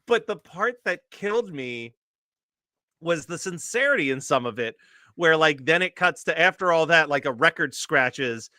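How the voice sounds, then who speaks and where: A man's voice: a little high, animated, moderate pace, pushed and bright, dry recording, studio quality. A man in his late thirties, co-hosting a casual chat and telling a long story full of fillers and laughs. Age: late 30s. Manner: rambling storyteller, many fillers, laughs often. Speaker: co-host.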